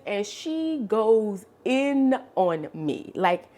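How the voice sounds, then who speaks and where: A woman's voice: mid-range voice, big pitch swings, takes it slowly, hardly any pauses. A woman in her late twenties, vlogging and telling an emotional personal story, with many "like" fillers. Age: 20s. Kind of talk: storytime while cleaning.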